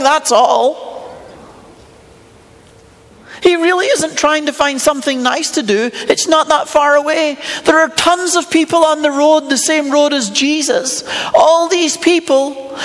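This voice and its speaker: Pastor preaching in a reverberant hall. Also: male voice, very high-pitched, a bit bright. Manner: conversational storytelling with rhetorical questions and humour. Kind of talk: sermon.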